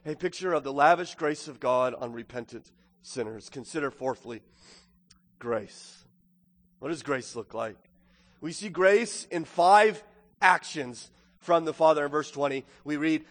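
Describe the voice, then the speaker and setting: A male pastor preaching a sermon, moving from quiet reflection to loud, emphatic preaching. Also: high voice, in a large hall.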